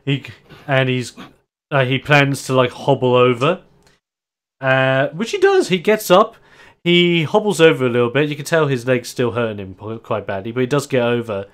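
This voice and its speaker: A man's voice: medium pitch, moderate pace. A man, running a tabletop role-playing game as game master, narrating the action with lots of energy and frequent laughter. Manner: animated narration, laughs often.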